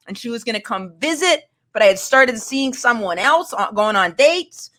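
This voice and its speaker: A woman's voice: sits high, expressive, moderate pace, fairly bright tone. A woman in her thirties from Maine, telling a personal story in casual chat, candid and rambling with lots of fillers and restarts. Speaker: guest.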